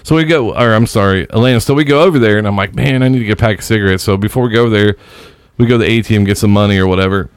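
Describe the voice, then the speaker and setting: A man hosts a casual podcast, telling long, rambling stories and swearing freely. His voice is smooth and clear. It sits dry and close on the mic, with no room sound. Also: on the low side, racing, no echo. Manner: rambling, profane, acts out other people's voices. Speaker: podcast host. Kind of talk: casual storytelling chat.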